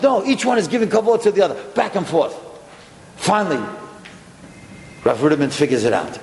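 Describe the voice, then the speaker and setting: A man's voice: high-pitched, brisk, gravelly. A man, a rabbi, telling a story aloud and acting out each person's lines. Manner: animated, acts out dialogue. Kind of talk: storytelling talk. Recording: echoey hall with faint noise.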